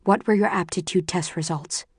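A gentle, restrained mother in an audiobook story, as a woman narrator reads her. She speaks softly and with measured calm. The voice is low-set and the recording dry. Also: slightly rough, no echo.

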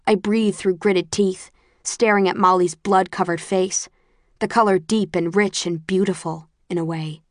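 Low-voiced woman narrating an audiobook. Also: fairly even intonation, no echo, studio quality. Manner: low-key, measured, dropping to near whispers. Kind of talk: first-person audiobook narration.

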